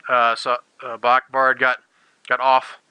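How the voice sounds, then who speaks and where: A man's voice: medium pitch, monotone, takes it slowly, sharp tone, smooth, no room sound, low-quality recording. A man narrating as game master of a tabletop role-playing game, describing what the characters do. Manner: describes actions, voices many characters.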